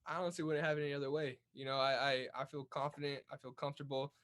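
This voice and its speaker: A man's voice: on the high side, little pitch movement, rapid-fire, fairly bright tone. A young man from California's Central Valley, a guest telling stories in a casual interview, upbeat with many restarts. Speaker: guest, Olympic boxer.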